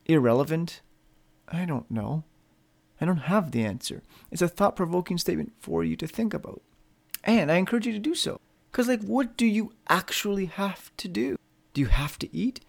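A man hosting a solo motivational podcast, talking casually and bluntly, swearing freely and asking his listeners rhetorical questions. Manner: lively, pitch rises when upbeat. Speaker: podcast host.

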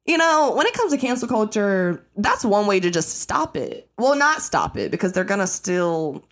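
A young woman hosting her own podcast, ranting casually and bluntly with lots of swearing, jumping into high mock-outraged bursts. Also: moderate pace. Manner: blunt, profane, animated, breaks into high-pitched mock outrage. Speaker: podcast host. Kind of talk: casual solo rant.

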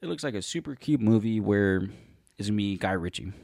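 A young man talks casually about upcoming films in a fairly low voice. He rambles, stops to fix his slips and loses names along the way. The sound is dry and close, with no room echo. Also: expressive, a little fast, vocal fry, darkish tone. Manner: rambling, often corrects himself and loses names. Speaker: podcast co-host. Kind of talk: casual movie podcast chat.

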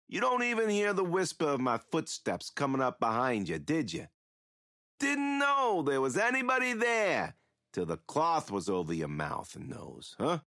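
An actor playing a rambling, mocking killer who taunts a captive priest in an audio drama. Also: male voice, mid-range voice, fairly bright tone, no echo, studio quality.

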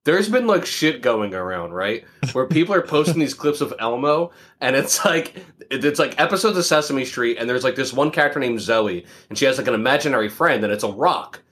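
A speaker chatting casually as podcast co-host, lively and profane. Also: mid-range voice, brisk, few pauses. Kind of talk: casual chat.

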